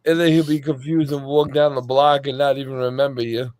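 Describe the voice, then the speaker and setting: A man hosting a casual podcast chat, telling stories animatedly with loud laughs and acted-out voices. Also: medium pitch, little pitch movement, fairly quick, no room sound, soft background music. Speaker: podcast host.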